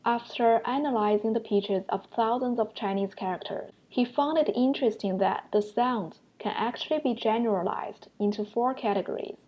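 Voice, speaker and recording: A woman's voice: a little high, moderate pace, few pauses, lo-fi sound. Patient young woman teaching a lesson. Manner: patient, explanatory, demonstrates sounds aloud. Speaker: language teacher. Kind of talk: online language lesson.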